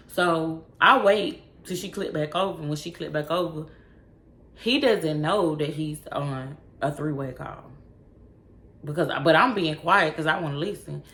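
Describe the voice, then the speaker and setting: Gravelly, blunt storytelling woman. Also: low-pitched, measured pace. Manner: blunt, profane, animated storyteller. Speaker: vlogger telling a story. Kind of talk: casual storytime. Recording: echoey room with faint noise.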